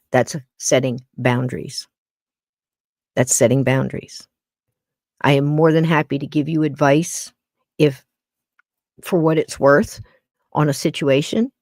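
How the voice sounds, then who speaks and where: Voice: mid-range voice, dry recording, clean studio sound. A podcast host talking to a live-stream chat in a blunt, emphatic way, repeating points for weight.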